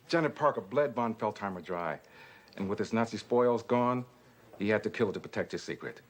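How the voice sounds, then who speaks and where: A sarcastic police chief. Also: male voice, lowish voice, expressive, normal speed. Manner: sarcastic, mocking.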